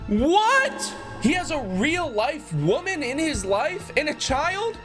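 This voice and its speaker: Loud, incredulous mocking commentator. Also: male voice, very high-pitched, huge pitch swings, takes it slowly, soft background music. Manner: incredulous, mocking, often yelling. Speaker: commentary YouTuber. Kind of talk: comedic reaction commentary.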